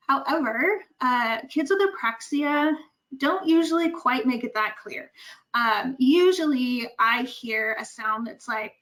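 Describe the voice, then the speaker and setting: A woman presenting a webinar as a speech therapist, explaining step by step with frequent filler pauses, on a computer mic. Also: fairly high pitch, fairly bright tone, low-quality recording. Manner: explanatory, many ums. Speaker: speech-language pathologist presenter. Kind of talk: webinar lecture.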